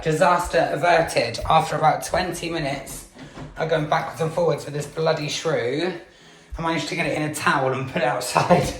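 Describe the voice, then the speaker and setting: A man vlogging casually from home, chatty, with many fillers and free swearing. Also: sits high. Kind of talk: casual vlog chat.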